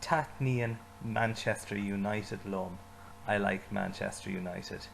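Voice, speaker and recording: Man, language teacher, patient step-by-step lesson, gravelly voice, faint noise behind. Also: fairly low pitch, fairly even intonation, poor audio. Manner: slow repetition, leading learners to say phrases with him.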